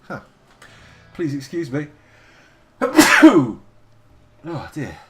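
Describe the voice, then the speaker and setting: Playful man with a lively pitch. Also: extremely slow. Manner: playful, wordy, theatrical asides to chat. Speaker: live-streaming game player. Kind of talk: live gameplay commentary.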